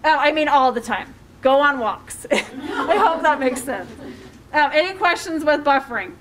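A middle-aged woman with a high voice leads a life coaching workshop. She talks in a loose, conversational way, full of fillers, and keeps turning to the audience with questions. A faint hiss runs under her voice. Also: animated, unhurried, fairly bright tone. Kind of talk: workshop talk to a group.

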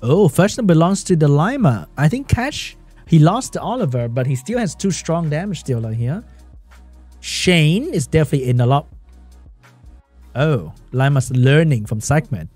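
A man giving live esports commentary on a stream, reacting excitedly, laughing often and chatting with his viewers. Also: on the high side, moderate pace, husky, dry recording, soft background music. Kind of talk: live game commentary while reading chat.

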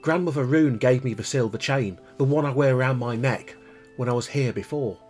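A man's voice: medium pitch, a little fast, faint music behind, close to an everyday voice. A man voicing a young boy in a storybook reading, eager and earnest. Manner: excited, calling out.

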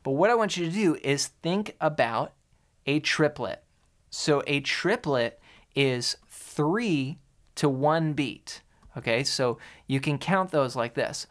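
A man's voice: a little high, lively intonation, slow pace, fairly bright tone. A man teaching an online guitar lesson, explaining rhythm and counting beats aloud while he plays. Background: guitar playing.

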